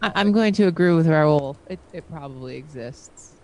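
A woman's voice: sits low, expressive, normal speed, darkish tone, a little hiss or hum. A woman answering hesitantly as a panelist on a casual podcast.

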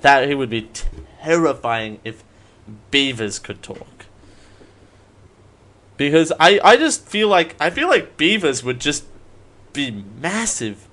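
A man's voice: medium pitch, a bit bright. A man hosting a live question show, rambling and self-mocking, laughing at his own jokes. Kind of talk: live stream Q&A.

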